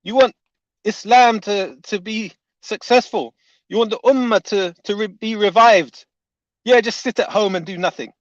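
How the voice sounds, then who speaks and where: A man's voice: high voice, moderate pace, no room sound. A man delivering a heated, indignant reaction rant as an online commentator, often repeating his points. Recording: dull, dry lo-fi audio.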